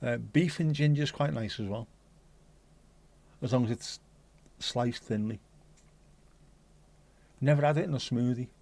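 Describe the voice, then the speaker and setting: A man's voice: mid-range voice, unhurried, gravelly, pauses often, a little mellow. A man hosting a casual livestream, chatting to viewers and answering the chat aloud, swearing now and then. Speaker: livestream host reading chat. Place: home streaming setup.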